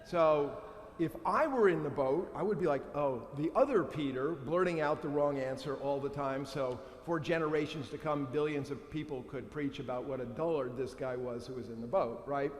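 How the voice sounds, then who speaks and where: Male priest, slightly high voice, playful sermon delivery that acts out quotes; roomy church reverb. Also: normal speed. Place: church sanctuary. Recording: echoey church with long reverb.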